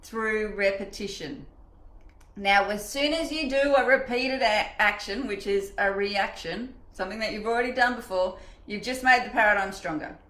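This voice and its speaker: A middle-aged woman leading a live online coaching session in a chatty, animated way, acting out the voices in her head. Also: medium pitch, moderate pace, echoey room, low-quality recording. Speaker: mindset coach.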